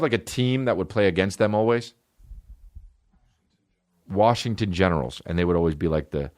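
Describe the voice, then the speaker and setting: A man hosting a comedy podcast, riffing alone in a profane, rambling, animated way. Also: low voice, no room sound, clean studio sound.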